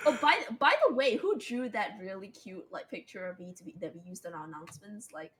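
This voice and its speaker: A woman's voice: mid-range voice, sing-song, fairly quick, a crowd in the background, poor audio. A woman co-hosting a casual podcast, teasing her partner and chatting with fillers. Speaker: podcast co-host.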